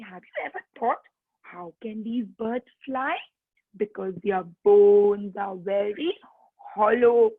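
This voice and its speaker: A woman's voice: on the high side, slightly rough, no echo. A woman teaching young children, coaxing them in a sing-song voice to join in. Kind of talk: online kids' lesson. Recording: tinny phone-like line.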